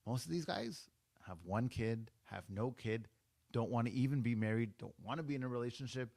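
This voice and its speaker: A man's voice: mid-range voice, a little fast, gravelly, a little mellow, no echo. A man in his forties from Canada, hosting a podcast and giving an opinionated monologue, stressing and repeating his points as he speaks straight to the listener. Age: 40s. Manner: emphatic, repeats points, addresses listeners directly. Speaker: podcast host.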